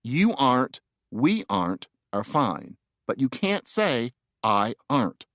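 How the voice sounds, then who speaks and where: Male author-narrator, playful and wry, very lively intonation, dry close studio sound. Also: mid-range voice, slow, no room sound. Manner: wry, playful, conversational asides. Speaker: author reading his own book. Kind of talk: nonfiction audiobook narration.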